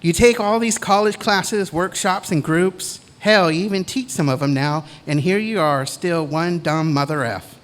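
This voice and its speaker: Measured man giving commencement speech. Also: high voice. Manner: measured, deliberate delivery with pauses. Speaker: commencement speaker.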